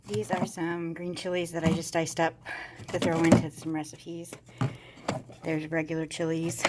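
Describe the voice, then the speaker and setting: A woman's voice: deep voice, slight background noise. A woman chatting her way through a garden and pantry tour, rambling and a little out of breath, moving from outdoors to indoors. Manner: chatty and rambling, with frequent fillers and trailing-off sentences. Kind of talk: casual walk-and-talk tour. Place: garden outdoors, then inside a house.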